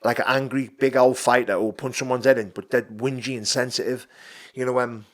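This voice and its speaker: A man in his thirties with a Geordie accent, talking as a podcast guest. He speaks bluntly and swears freely. He drops to a low, quiet voice at times, then pushes out loud and emphatic. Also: steady tone, brisk. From North East England. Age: 30s. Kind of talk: casual podcast chat.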